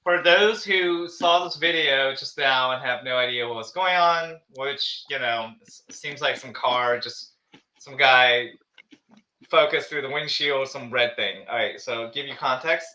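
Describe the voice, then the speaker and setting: Male podcast host, chatty and halting, crisp bright voice, roomy echo. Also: mid-range voice. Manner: chatty, halting, restarts often. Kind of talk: casual chat, reading a listener letter.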